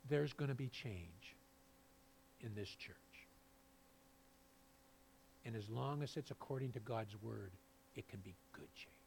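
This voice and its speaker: A male pastor preaching a sermon, swinging between low, quiet passages and loud, fervent peaks. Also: measured pace, gravelly, long pauses, slight background noise.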